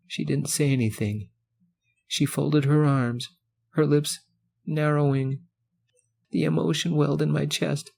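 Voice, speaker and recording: A man narrating a romance short story in the first person as an audiobook, measured and earnest. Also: fairly high pitch, fairly even intonation, creaky, darkish tone, slightly rough.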